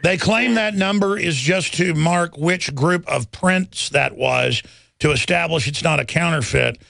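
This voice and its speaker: A man's voice: on the high side, a little slow, vocal fry, fairly bright tone, no room sound. A man hosting a radio talk show, ranting intensely about the government and taking calls.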